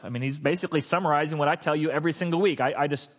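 A middle-aged man preaching a sermon as pastor, telling stories in an animated way and acting out the quoted lines. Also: a little high, racing.

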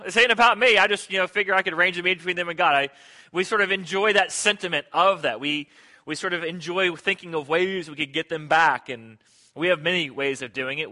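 A middle-aged pastor preaching a sermon, an animated storyteller who acts out the quotes in his stories. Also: a little high.

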